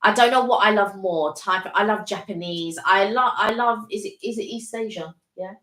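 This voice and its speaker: A woman's voice: mid-range voice, normal speed, a bit bright. A woman co-hosting a casual live stream, chatting enthusiastically with many restarts. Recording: echoey room.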